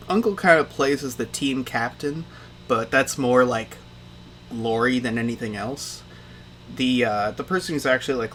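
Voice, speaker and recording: Male game master, casual narration, mid-pitched, light background hiss. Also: fairly bright tone.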